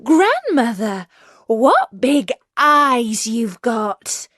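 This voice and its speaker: A woman voicing a trusting, polite little country girl in a storybook, speaking slowly and in wonder. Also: fairly high pitch, big pitch swings, fairly bright tone, dry recording, clean studio sound, voice pushed up, heavily acted.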